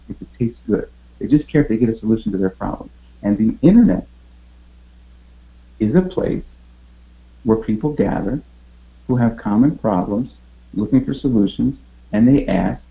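Guy hosting a motivation talk, emphatic, lots of rhetorical questions, a bit muffled lo-fi sound. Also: lowish voice. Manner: emphatic, fires rhetorical questions, stammers repeated words. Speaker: podcast host.

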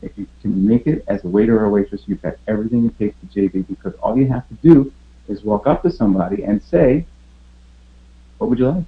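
A man's voice: lowish voice, fast, narrow, tinny audio. A man hosting a motivational business talk, emphatic, asking rhetorical questions and stumbling over repeated words. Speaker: podcast host.

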